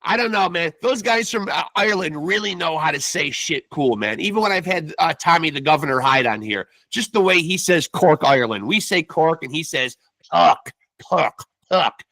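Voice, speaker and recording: Chatty fifty-something American host, bright voice. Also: male voice, a little high, lively intonation, brisk, few pauses, no room sound. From United States. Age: 50s. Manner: chatty, stammering, says "man" constantly. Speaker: podcast host. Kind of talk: casual interview podcast.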